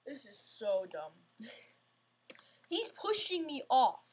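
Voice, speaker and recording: A woman's voice: high-pitched, big pitch swings, takes it slowly, slightly rough. A woman giving casual, self-mocking gameplay commentary, getting frustrated and talking back at the game. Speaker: gamer playing an obstacle course game.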